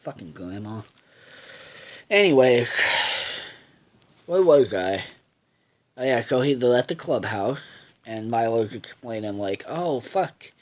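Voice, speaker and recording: A man's voice: mid-range voice, lively intonation, slow pace, pauses often. A man casually reviewing a cartoon episode, swearing a lot and rambling with many fillers and restarts.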